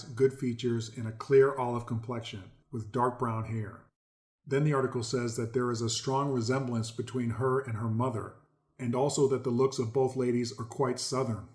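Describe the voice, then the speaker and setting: A man's voice: medium pitch, steady tone, normal speed, a little mellow. Emphatic man reading and commenting. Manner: emphatic, repeats key words for stress; addresses viewers as folks. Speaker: host. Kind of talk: commentary reading articles aloud.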